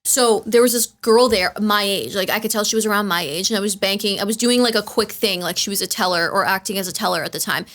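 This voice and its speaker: A woman's voice: medium pitch, quick pace, hardly any pauses, a bit bright. A young woman co-hosting a podcast, chatting casually and rambling with lots of "like". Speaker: podcast co-host. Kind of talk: casual chat.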